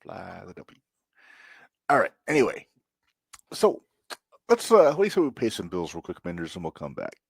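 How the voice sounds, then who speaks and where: A man co-hosting a podcast in casual chat, relaxed and full of fillers. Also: fairly low pitch, fairly quick, long pauses, dry recording. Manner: relaxed, filler-heavy, chatty. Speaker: podcast co-host.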